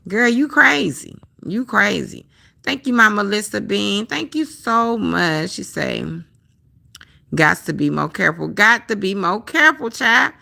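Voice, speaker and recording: A woman's voice: medium pitch, lively intonation, a little slow, gravelly, bright, forceful tone. A woman hosting a livestream, speaking in a blunt, profane, heated rant and repeating her points. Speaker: livestream host. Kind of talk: casual ranting livestream commentary.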